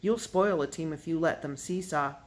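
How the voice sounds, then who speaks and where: A reader doing a steady farm father in a storybook reading, level and matter-of-fact. He gives his son calm, fatherly advice in an unhurried, middle-pitched voice. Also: close to an everyday voice. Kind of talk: audiobook character reading.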